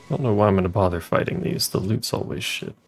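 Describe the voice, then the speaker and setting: A man streams his gameplay in a low voice with a gravelly, creaky edge. He cracks dry jokes and mutters to himself as he plays. A faint background hiss runs underneath. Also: fast talker. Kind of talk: casual game commentary.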